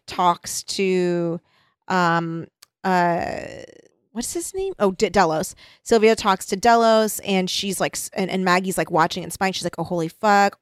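A young woman co-hosting a casual chat, recapping a book with lively acted-out quotes and frequent laughter. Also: mid-range voice, smooth, dry recording, studio quality. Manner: animated, giggly, acts out quotes. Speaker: podcast co-host.

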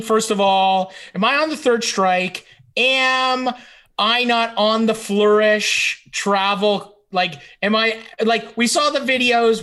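A woman's voice: a little high, a bit bright. Teasing woman co-host. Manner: teasing, rambling, mock-accusing. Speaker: podcast co-host. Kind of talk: casual podcast banter.

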